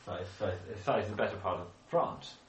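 Leading a Bible study at a moderate pace, a very low-voiced man keeps asking the group questions and starting sentences over. He's recorded from a distance in an echoey room, a soft hum of ambience underneath.

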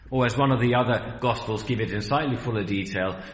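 A man preaching a sermon in an earnest, rhetorical way, slowing down and speeding up for emphasis. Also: mid-range voice, a bit bright, reverberant.

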